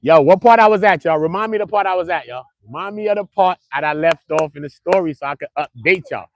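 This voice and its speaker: Boisterous man, high-ish voice. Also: quick pace, a little hiss or hum. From Brooklyn, New York. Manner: boisterous, slangy storytelling with frequent laughs. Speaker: livestream host. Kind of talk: casual live-stream chat. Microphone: clip-on mic.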